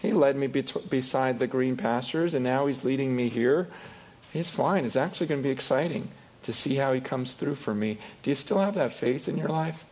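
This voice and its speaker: A middle-aged pastor preaching a sermon, animated, acting out voices, sometimes dropping to a quiet confessional tone. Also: male voice, moderate pace. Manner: animated, acts out voices with rising pitch and loudness.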